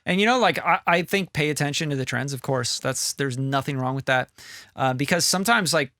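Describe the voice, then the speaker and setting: A man's voice: on the high side, fairly quick, bright, forceful tone, no room sound, studio quality. A middle-aged man co-hosting a music podcast, talking loosely and rambling, swearing casually. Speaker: podcast co-host, music producer. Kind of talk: casual chat.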